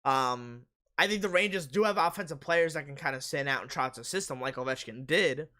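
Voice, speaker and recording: A man hosting a live sports stream, casually reading viewer comments aloud and answering them while his voice is going hoarse. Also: on the high side, brisk, bright, forceful tone.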